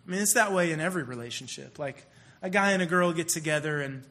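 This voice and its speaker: A young man talks through a comic monologue in a lively, animated way. His voice sits high for a man, and he slips in and out of the characters he describes. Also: fast. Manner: animated, acts out quoted voices. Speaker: speaker. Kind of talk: comedic monologue.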